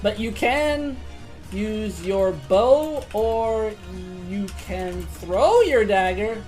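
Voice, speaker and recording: A woman running a tabletop game as game master, excitable and swearing, swinging from quiet to loud. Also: medium pitch, drawn-out words, soft background music.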